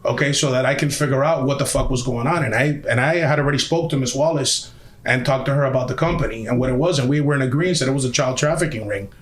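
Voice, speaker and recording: Heated and swearing often, a podcast guest tells a casual story in a mid-range voice at a quick pace. The room around him is echoey.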